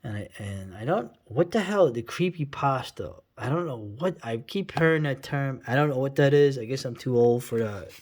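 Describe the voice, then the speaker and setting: A man's voice: mid-range voice, animated, moderate pace, few pauses, darkish tone. Rambling sarcastic man commenting. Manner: rambling, sarcastic, many fillers and restarts. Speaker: commentator reacting to a video. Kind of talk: casual reaction commentary.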